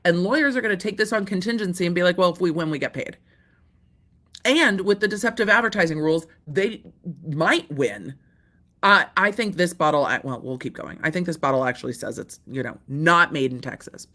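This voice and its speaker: A woman hosting a casual legal commentary show, talking in an animated, incredulous way and repeating herself as she reacts. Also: on the low side, fairly quick. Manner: swears casually. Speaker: host.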